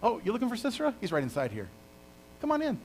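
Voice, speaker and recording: A man's voice: extremely high pitch, wildly swooping pitch, fast, vocal fry, a little hiss or hum, pitched above the performer's own voice, exaggerated voice. A preacher voicing a cunning woman who coaxes a fugitive into her tent with sweet, falsely welcoming words. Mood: eager.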